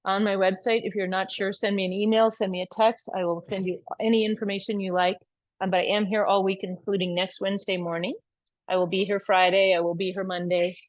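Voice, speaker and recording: A woman yoga teacher gently guiding a class and chatting with students on a video call. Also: mid-range voice, level tone, a little fast, dry recording. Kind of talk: yoga class instruction and chat. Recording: dull video call audio.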